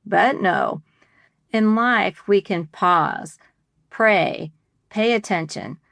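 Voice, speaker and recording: A woman's voice: mid-range voice, very slow, gravelly, a bit bright, dry recording, clean studio sound. A middle-aged woman co-hosting a faith-based podcast, telling a story in a conversational way and acting out the quoted dialogue. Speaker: podcast co-host.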